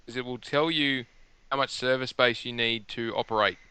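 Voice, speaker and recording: A middle-aged man, hosting a casual gaming podcast and rambling through animated stories. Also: mid-range voice, moderate pace, clear, resonant tone, dry recording. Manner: rambling, animated storytelling with restarts. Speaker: podcast host. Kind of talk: casual chat. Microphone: headset.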